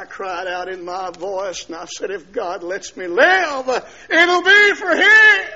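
Shouting preacher, high bright voice. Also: male voice. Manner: storytelling, swings from hushed to shouting. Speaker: preacher giving testimony. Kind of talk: sermon testimony. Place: church. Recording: dull lo-fi sermon recording.

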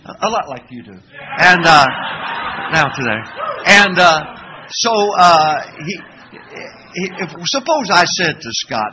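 A man's voice: a little high, big pitch swings, slow, noisy background. Emphatic folksy male preacher. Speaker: pastor. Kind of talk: sermon.

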